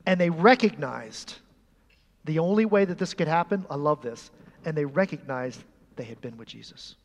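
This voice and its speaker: A high-voiced man preaches from the pulpit, his sound trailing off in the long reverb of a church sanctuary. He drops to hushed, soft stretches and then climbs back up to loud, emphatic declarations. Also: animated, normal speed, gravelly. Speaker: pastor. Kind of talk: sermon.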